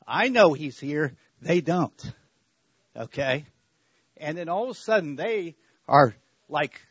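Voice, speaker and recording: A man's voice: on the high side, breathy edge, dry recording, highs cut off. A man giving a conversational faith talk at church, repeating himself and checking in with the listeners. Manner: repetitive, checks in with "okay?". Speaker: church speaker.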